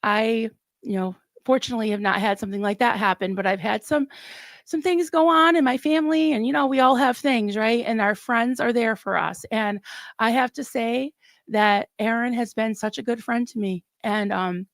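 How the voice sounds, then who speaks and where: A middle-aged woman hosting a casual livestream, chatting warmly and getting emotional, recorded close and dry. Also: fairly high pitch, steady tone, normal speed, dry recording. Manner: warm, emotional, chatty with laughs. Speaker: livestream host.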